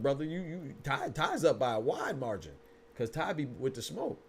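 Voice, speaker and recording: A man's voice: medium pitch, very animated, normal speed, creaky, breathy edge. A man hosting a boxing podcast in casual, slangy livestream talk, speaking to viewers in chat.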